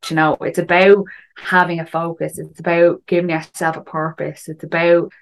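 A woman's voice: on the low side, level tone, normal speed. A woman telling a story in a casual chat, full of fillers and asides. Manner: chatty, frequent fillers and "do you know". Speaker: guest recounting a climb.

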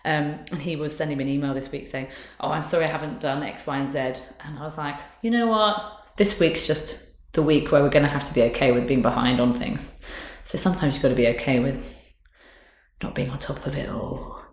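A candid, chatty woman in her thirties, talking in a low voice. She speaks openly and laughs easily. The sound is roomy and echoing. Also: fairly even intonation, fairly quick. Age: 30s. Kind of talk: casual chat. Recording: roomy echo.

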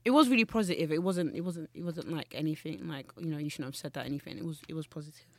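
A woman's voice: low voice, fast, darkish tone, dry recording. A young woman, chatting as a podcast guest, telling rambling stories and correcting herself as she goes. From Nigeria. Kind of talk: casual chat.

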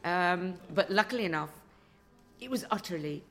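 A woman's voice: on the low side, lively intonation, moderate pace, a bit bright, faint music behind. A woman reviewer telling a chatty anecdote in a podcast interview. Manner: chatty storyteller, quoting others.

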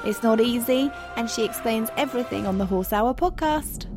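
A woman hosts a podcast interview over music, her voice on the high side and her pace moderate. It's casual interview chat; she is chatty and effusive and often restarts her questions.

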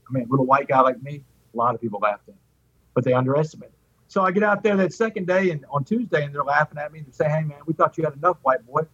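Fast-talking husky man. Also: on the high side, no echo. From Port Arthur, Texas. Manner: animated, acts out quoted voices. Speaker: guest. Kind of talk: personal storytelling in an interview. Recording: dull lo-fi dry audio.

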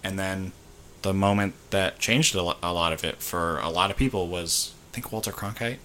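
A man's voice: low-pitched, moderate pace, a bit bright, slight background noise. A young man co-hosting a podcast in casual chat, blunt and casually profane, with hesitant restarts. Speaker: podcast co-host.

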